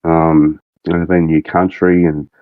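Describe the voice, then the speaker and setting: A man's voice: low-pitched, little pitch movement, moderate pace, no room sound, narrow, tinny audio. A man with a thick Australian accent, chatting as a podcast guest in a rambling, laid-back way. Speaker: guest, game mod creative director. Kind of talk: casual podcast chat.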